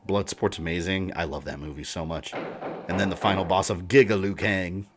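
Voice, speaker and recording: A man's voice: low-pitched, fairly even intonation, fairly quick, music in the background. A man hosting a watch party, giving casual, joking commentary on an old film and laughing often.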